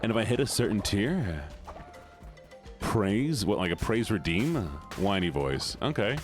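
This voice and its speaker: A man's voice: fairly low pitch, sing-song, a little slow, soft background music. A man streaming a video game, chatting playfully with his viewers in casual commentary. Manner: playful, banters with chat, drops into silly voices.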